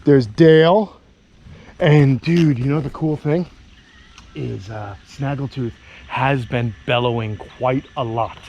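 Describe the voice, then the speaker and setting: A man's voice: mid-range voice, takes it slowly, a little mellow, highs cut off, a little hiss or hum. Enthusiastic outdoorsy man vlogging. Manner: enthusiastic, chatty, talks to his dog. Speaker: animal keeper and vlogger. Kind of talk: casual outdoor vlog. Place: outdoors at an animal camp.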